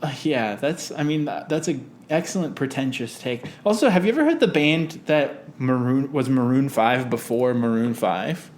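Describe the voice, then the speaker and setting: A man's voice: mid-range voice, expressive, normal speed, hardly any pauses, a little mellow. A man co-hosting a podcast, chatting casually and laughing easily. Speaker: podcast co-host. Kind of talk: casual chat.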